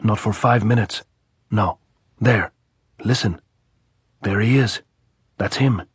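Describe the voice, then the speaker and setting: An actor playing a rough, impatient male guerrilla fighter who curses, in an audiobook. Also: fairly low pitch, takes it slowly, no room sound, clean studio sound, heavily acted. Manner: impatient, cursing.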